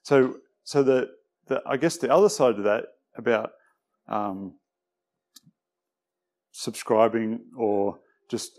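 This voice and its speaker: A man giving a conversational sermon with many pauses and fillers, sometimes dropping quiet. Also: mid-range voice. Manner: relaxed, hesitant, many fillers; tends to drop quiet. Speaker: preacher. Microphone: microphone.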